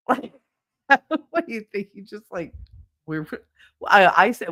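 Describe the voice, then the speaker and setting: A woman in her forties hosting a casual livestream, telling a family story and acting out everyone's lines with big jumps in her voice. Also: takes it slowly. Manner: animated, acts out quotes with big pitch jumps. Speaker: livestream host.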